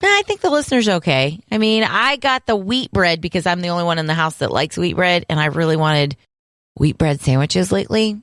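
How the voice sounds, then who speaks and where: Deep-ish lady podcast cohost, chatty, laughs a lot, dry mic. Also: brisk, a bit bright, no echo. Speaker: podcast co-host. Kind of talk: casual chat.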